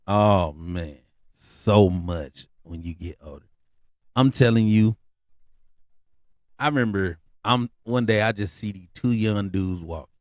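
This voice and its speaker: This middle-aged podcast host takes his time, pausing often, in a dry, clean studio recording. He tells comedic stories in slangy, casual talk, animated throughout, his pitch rising on asides and jumping up at the punchlines.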